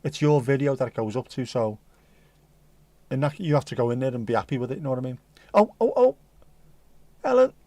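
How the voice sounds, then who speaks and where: A man's voice: medium pitch, steady tone, quick pace, warm tone, no room sound. A middle-aged man with a Liverpool accent, hosting a livestream and chatting casually to his live chat with jokey, rambling asides. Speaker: livestream host.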